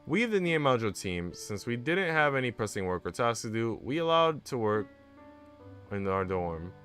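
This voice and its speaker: A man streaming, reading a visual novel aloud in an animated way with asides. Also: medium pitch, moderate pace. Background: faint game music.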